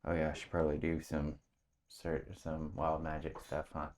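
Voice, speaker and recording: A man playing a tabletop game, talking in halting starts and restarts and breaking into loud laughter. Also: extremely low pitch, completely flat delivery, crowd noise. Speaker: player. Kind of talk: casual tabletop game chat.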